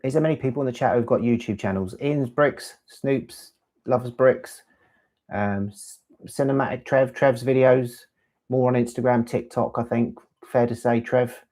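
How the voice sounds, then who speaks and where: A man's voice: medium pitch, fairly even intonation, moderate pace, darkish tone. A man hosting a casual live stream, chatting in a rambling way and answering viewers' questions about gear. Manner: rambling, chatty, reads chat aloud. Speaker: LEGO channel host.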